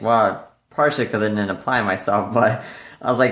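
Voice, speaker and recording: A young man chatting casually to the camera in a rambling vlog, full of fillers and lively when quoting others. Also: fairly low pitch, normal speed. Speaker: vlogger. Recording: echoey room.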